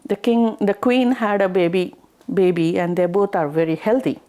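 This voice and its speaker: A woman voicing a calm male god who teases his wife patiently in a told folk tale. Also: medium pitch, normal speed, natural voice. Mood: teasing. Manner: teasing, patient.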